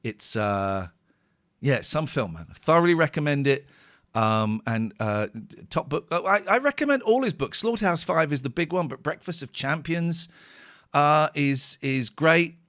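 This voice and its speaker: A middle-aged man rambles through a casual radio chat, his pitch swinging widely as feeling takes over. He sounds worn out and near tears. The studio sound is close and dry. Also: animated, normal speed, a bit bright, no echo. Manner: emotional, rambling, tearful at times. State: tired. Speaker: radio host. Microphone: studio microphone.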